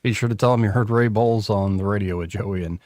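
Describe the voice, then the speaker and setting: A man's voice: on the low side, quick pace, dry recording, clean studio sound. A man hosting a radio talk show, ribbing his co-host in casual banter. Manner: teasing, animated ribbing with playful mock voices.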